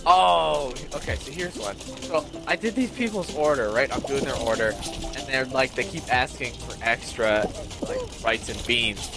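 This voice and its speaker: A young man co-hosting a podcast, telling stories in a casual, animated way and acting out what people said. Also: mid-range voice, normal speed, creaky, music in the background. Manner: animated storytelling, acts out quotes. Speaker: podcast co-host. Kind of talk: casual chat.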